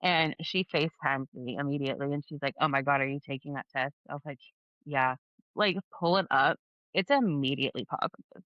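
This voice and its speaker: A woman's voice: deep voice, fairly quick, no echo, muffled recording. A woman in her thirties, a podcast guest telling her story casually, acting out dialogue and saying "like" a lot. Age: 30s. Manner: chatty, acts out dialogue with lots of "like".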